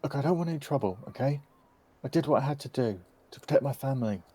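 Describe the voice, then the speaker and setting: A man's voice: medium pitch, lively intonation, fast, warm tone, slightly rough, pitched above the performer's own voice. A man voicing a nervous young male gravedigger who pleads defensively.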